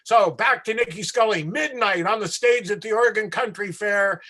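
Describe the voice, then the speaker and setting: A man who works as a street performer, telling a long anecdote in an interview with animated asides and acted-out voices. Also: sits high, normal speed.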